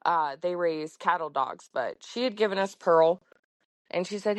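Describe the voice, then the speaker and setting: Woman farmer chatting on a podcast, kinda low voice, lots of likes and ums, dry sound. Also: measured pace, no echo. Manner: chatty, heartfelt, lots of fillers. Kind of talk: casual conversation.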